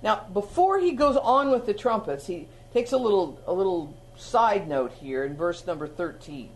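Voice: medium pitch, animated, moderate pace, a little hiss or hum. A preacher giving a sermon in a conversational teaching style, with sudden emphatic outbursts.

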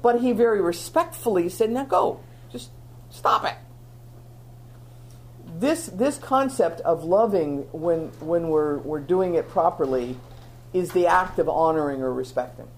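A woman's voice: lowish voice, moderate pace, a little mellow, a little hiss or hum. A woman teaching a Bible lesson in an earnest, conversational sermon style, often restarting her phrases.

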